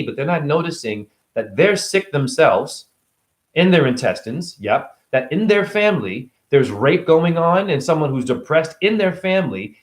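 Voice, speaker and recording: Man, middle-aged, vlogger, animated rant, fairly high-pitched voice, loud then quiet. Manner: animated, swinging between loud outbursts and quiet asides. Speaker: vlogger and spiritual teacher. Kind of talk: casual ranting monologue.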